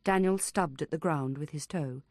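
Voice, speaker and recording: A woman reading an unabridged audiobook as narrator, in a measured, even storytelling manner. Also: deep voice, no room sound, clean studio sound. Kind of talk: scripted narration.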